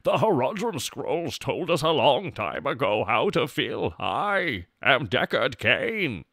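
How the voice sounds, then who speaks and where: A man doing a gravelly old game sage. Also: medium pitch, very animated, slow, fairly bright tone, no room sound, clean studio sound, full character voice. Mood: solemn.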